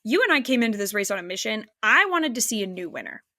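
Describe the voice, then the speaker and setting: A woman's voice: on the high side, big pitch swings, quick pace, bright, forceful tone. A woman co-hosting a podcast in casual chat, swearing freely, laughing often and steering the questions. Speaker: podcast co-host.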